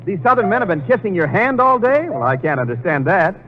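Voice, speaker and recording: Man, old-time radio announcer, crisp and earnest, lively pitch, muffled sound. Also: fairly quick. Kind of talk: 1940s radio comedy. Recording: muffled lo-fi 1940s radio broadcast.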